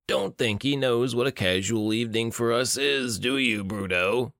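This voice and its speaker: A male audiobook narrator voicing a brutish henchman who mocks slowly. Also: mid-range voice, fairly bright tone, no room sound, studio quality, close to an everyday voice. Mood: mocking.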